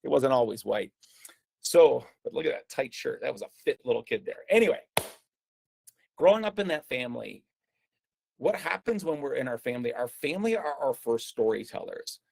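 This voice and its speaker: A man tells a personal story, his mid-pitched voice carrying a gravelly edge. He talks conversationally, with fillers and restarts. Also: very animated, moderate pace, a little mellow. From United States. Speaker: speaker presenting a talk.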